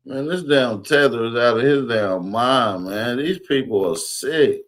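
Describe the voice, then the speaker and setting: A man's voice: medium pitch, unhurried. A man mocking clips in casual, profane reaction commentary.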